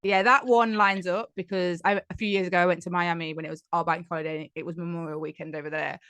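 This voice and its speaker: A woman's voice: lowish voice, fairly even intonation, quick pace, fairly bright tone, clean tone, no echo. Chatty English woman from Nottingham. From England. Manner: chatty, laughs often, many "like" fillers. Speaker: guest business coach. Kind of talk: casual interview over video call.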